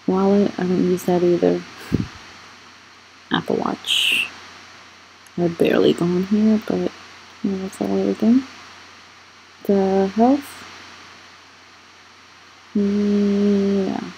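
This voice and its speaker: A woman's voice: mid-range voice, fairly even intonation, takes it slowly, gravelly, pauses often, a little mellow, a little hiss or hum, low-quality recording. A young adult woman hosting her channel, casually walking through her phone's apps and rambling as she wonders aloud why she keeps scrolling. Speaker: channel host. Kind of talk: casual screen walkthrough vlog.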